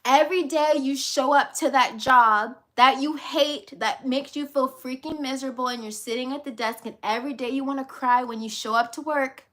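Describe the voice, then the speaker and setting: A high-pitched woman coach talks straight to her viewers in a motivational vlog. She hammers her points home by repeating them and keeps the tone casual, swearing now and then. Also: steady tone, moderate pace, hardly any pauses, fairly bright tone. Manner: emphatic and repetitive, casual with swearing. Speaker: life and business coach.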